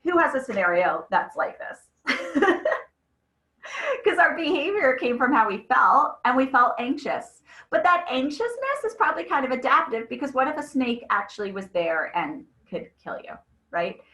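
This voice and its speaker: Woman, thirties, webinar presenter: bright, energetic, chatty storyteller, recorded in an echoey room. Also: sits high, moderate pace. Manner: conversational, animated storytelling with frequent "right?". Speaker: presenter of a mental health webinar.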